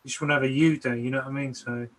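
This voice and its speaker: Bright-voiced man, hesitant. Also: mid-range voice, fairly even intonation, racing. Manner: hesitant, repeats words, easygoing. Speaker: guest. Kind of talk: casual online chat.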